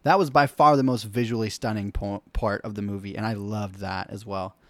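Excitable low-voiced man chatting movies. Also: fairly quick, dry recording. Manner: excitable, laughs often. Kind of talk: casual movie discussion.

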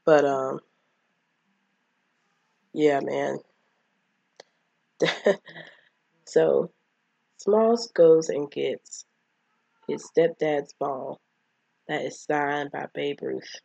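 A woman with a deep, dark, creaky voice casually recaps a film very slowly, leaving long pauses. She rambles and acts out the characters' lines, captured dry on a dull lo-fi mic.

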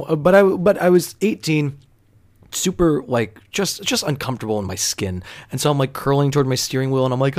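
A man's voice: mid-range voice, animated, fairly quick. A man telling a story in a casual, rambling monologue, full of fillers and swearing. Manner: rambling, profane, filler-heavy.

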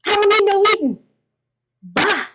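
A woman's voice: very high voice, big pitch swings, unhurried, heavy background noise, pitched above the performer's own voice, exaggerated voice. A woman voicing a defiant, independent woman who declares herself done, in a sassy, emphatic way.

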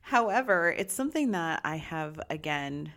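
A middle-aged woman with a notably low voice shares a personal story. She talks in a candid, bubbly way and confides in her listeners. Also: animated, moderate pace, fairly bright tone. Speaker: vlogger.

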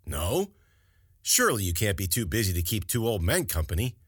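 A man's voice: fairly low pitch, very animated, normal speed, breathy edge, no room sound, studio quality. A man voicing an old, good-humored general who talks in a mocking, amused way in an audiobook story. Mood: coaxing. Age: older.

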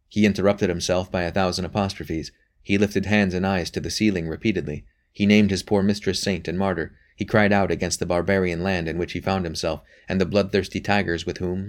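A man narrates a novel aloud. His delivery is measured and even, and his voice sits very low. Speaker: audiobook narrator. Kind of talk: scripted narration.

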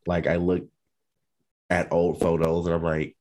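A man co-hosting a podcast in casual chat, speaking in an expressive, campy and playful way. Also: low voice, measured pace. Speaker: podcast co-host.

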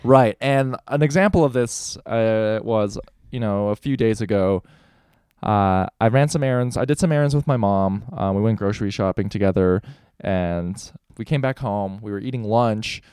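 A man's voice: fairly low pitch, moderate pace, a little mellow, smooth, dry recording, clean studio sound. A young man co-hosting a casual podcast, telling a candid story with frequent swearing. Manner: candid, profane storytelling, voices for quoted people. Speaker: podcast co-host.

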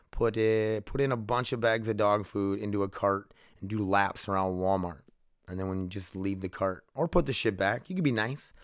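Guy rambling on his podcast, swears a lot, low smooth voice, dry close sound. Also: dry recording. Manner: rambling, profane, self-deprecating. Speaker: podcast host. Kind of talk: casual solo podcast chat.

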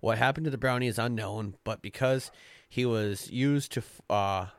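A man hosting a casual podcast, reading folk tales aloud slowly with frequent fillers and stumbles and the odd curse. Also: mid-range voice, clean tone, dry recording. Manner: slow, stumbling read-aloud with filler and cursing. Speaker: podcast host. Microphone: close podcast mic.

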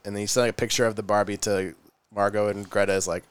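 A man's voice: on the low side, level tone, fast, clear, resonant tone. A man co-hosting a casual podcast, laid-back, chatting and presenting a beer and its brewery story. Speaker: podcast co-host. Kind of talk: casual chat, beer review.

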